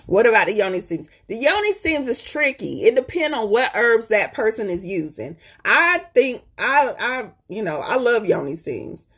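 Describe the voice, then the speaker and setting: A woman's voice: on the high side, big pitch swings, moderate pace, hardly any pauses, a bit bright, breathy edge. A woman talking casually and emphatically to her viewers, repeating her points and often checking in with "okay?". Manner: colloquial, addresses viewers as "y'all". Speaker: host. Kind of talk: casual live-stream chat.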